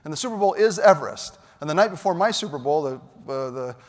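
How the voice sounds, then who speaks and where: Male keynote speaker, lively storyteller, high-ish voice, long reverb of a big hall. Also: quick pace. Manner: animated, shouts punchlines. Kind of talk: storytelling speech. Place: large hall.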